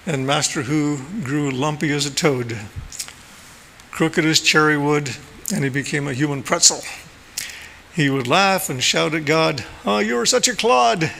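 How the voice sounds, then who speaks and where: A man giving a gentle, playful storytelling talk at a church service, recorded in the sanctuary. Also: a little high, steady tone, a little slow, pauses often. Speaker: lay speaker. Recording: long hall reverb, faint room noise.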